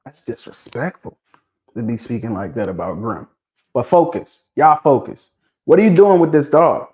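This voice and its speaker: A mid-pitched man speaks in on a casual livestream. He is lively and keeps pressing his audience with repeated questions. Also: normal speed. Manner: animated, prodding viewers with questions, repeats himself. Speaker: livestream host discussing dog pedigrees.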